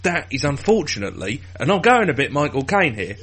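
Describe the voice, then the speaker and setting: Bright-voiced man in wry podcast chat. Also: fairly high pitch, very animated, fairly quick, hardly any pauses, a little hiss or hum. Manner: wry, pedantic, laughing. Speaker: podcast co-host. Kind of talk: casual banter.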